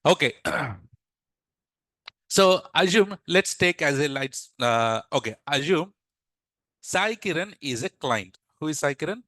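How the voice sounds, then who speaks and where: Brief: male teacher, bright and fairly high, dry close sound, quizzes the class. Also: expressive, takes it slowly, long pauses, no echo, poor audio. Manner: repeats questions to the class, asks "yes or no". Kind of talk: classroom lesson told as a story.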